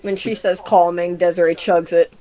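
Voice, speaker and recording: A woman's voice: lowish voice, steady tone, moderate pace, mellow. A woman playing in a tabletop game, speaking in character with a hesitant, stammering manner. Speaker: player. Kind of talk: in-character tabletop role-play.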